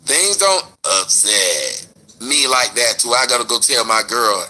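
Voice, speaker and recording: A man hosting his online show, answering a critic in an animated, rhetorical commentary rant. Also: medium pitch, normal speed. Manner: animated, rhetorical, mocking retorts.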